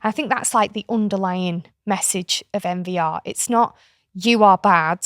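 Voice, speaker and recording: Speaking at a moderate pace in a mid-range voice, this middle-aged British woman chats frankly as a podcast guest about a parenting approach, sometimes putting on playful voices. She is an author and kinship carer, and the conversation is casual. The audio is clean, studio-recorded, and free of echo.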